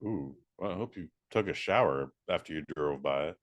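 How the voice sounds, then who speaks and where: A man co-hosting a podcast in casual chat, quick and sarcastic, breaking into jokey voices. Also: a bass voice, animated, dry recording. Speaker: podcast co-host.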